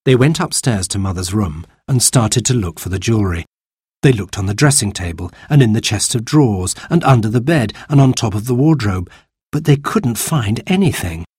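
Male storybook narrator, lively tone, husky, dry close sound. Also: on the low side, normal speed, no echo. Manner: clear, expressive. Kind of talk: storybook reading.

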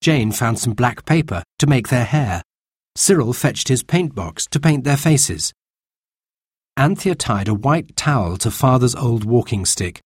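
A man reading a children's storybook aloud in a slow, lively narration. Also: medium pitch, slightly rough, no room sound, studio quality.

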